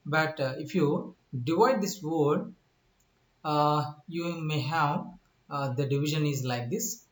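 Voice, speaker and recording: A man teaching English word stress in a recorded lecture, explaining slowly with many pauses, repeating himself, spelling out letters and asking the listener questions. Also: a little high. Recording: echoey room.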